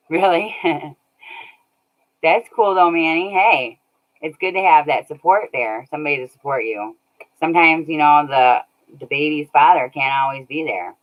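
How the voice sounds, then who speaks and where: A woman's voice: low-pitched, a little slow, pauses often. A woman chatting casually on a livestream, laughing often and thanking viewers by name. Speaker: streamer reading chat. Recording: dull lo-fi audio.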